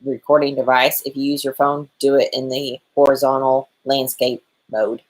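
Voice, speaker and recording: Low-voiced woman in her 40s, chatty livestream host, explains stuff step by step. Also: level tone, normal speed, darkish tone. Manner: chatty, apologetic, gives step-by-step instructions. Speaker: co-host of a motorcycle channel livestream. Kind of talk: casual livestream chat.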